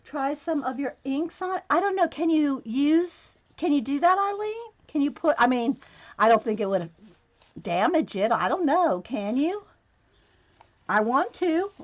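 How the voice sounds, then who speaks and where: A woman with a lively, higher voice hosts a casual crafting vlog, chatting to viewers as she works. She talks in an excitable, animated way. The home recording sounds a little dull and lo-fi. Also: unhurried. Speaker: craft video host.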